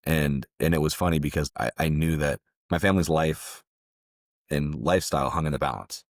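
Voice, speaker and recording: A man's voice: a bass voice, fairly quick, no room sound, clean studio sound. A man from Southern California, a former security contractor, telling stories as a guest in a casual interview, loose and conversational with frequent restarts.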